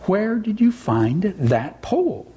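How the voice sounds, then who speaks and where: A man's voice: high voice, sing-song, slow, dark tone, breathy edge, voice pushed up, exaggerated voice. A man voicing an earnest young boy leading an expedition in a storybook, matter-of-fact in tone.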